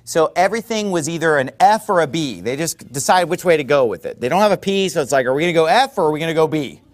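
Man preaching, fairly high voice, very lively intonation, chatty, digressive sermon. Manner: conversational, digressive, with quick rhetorical asides.

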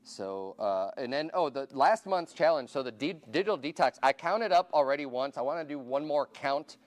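A man's voice: on the high side, lively intonation, normal speed. A man pastor giving casual church announcements to his congregation, informal and chatty, asking the room questions and counting raised hands.

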